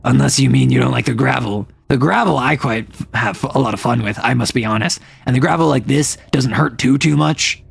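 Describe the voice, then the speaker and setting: A young adult non-binary streamer chatting casually and rambling, often sliding between higher and lower voice registers. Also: fairly quick, hardly any pauses, dry recording. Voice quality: some gravel in the voice. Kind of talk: casual live-stream chat.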